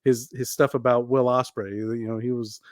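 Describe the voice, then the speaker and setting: A man co-hosting a wrestling podcast, laying out his views in a steady, measured way. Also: medium pitch, dry recording, studio quality. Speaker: podcast co-host. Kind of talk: casual podcast chat.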